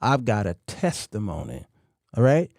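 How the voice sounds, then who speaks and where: Mellow-voiced preachy man in his fifties. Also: fairly low pitch, very animated, moderate pace, gravelly, no echo, studio quality, faint music behind. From United States. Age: 50s. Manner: preachy, folksy, repeats himself. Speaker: show host. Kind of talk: casual talk-show monologue.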